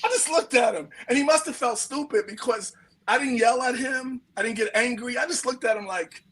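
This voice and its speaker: Animated New York man telling stories. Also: very high-pitched, a little fast, slightly rough, poor audio. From United States. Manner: slangy and animated, acts out quotes. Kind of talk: casual storytelling.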